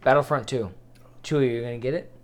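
A man's voice: medium pitch, quick pace. A man co-hosting a casual podcast with friends, joking and teasing, swearing casually. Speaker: podcast co-host. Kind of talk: casual banter among friends.

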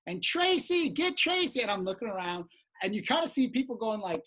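A woman podcast host telling a stage story in casual chat, acting out shouting voices. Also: medium pitch, fast, slightly rough. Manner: lively storyteller who shouts out quoted voices.

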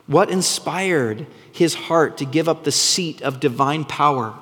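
A man preaching a sermon, earnest and full of rhetorical questions, sometimes dropping to a hushed voice for emphasis. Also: on the high side, unhurried, breathy edge, long reverb tail. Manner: drops to a hushed, soft voice for emphasis. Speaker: pastor.

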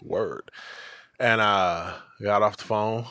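Podcast co-host, male, low-ish voice, rowdy storyteller who acts out every quote. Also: normal speed, no echo, studio quality. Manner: animated, acts out quotes with big pitch jumps; loose and profane. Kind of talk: casual storytelling.

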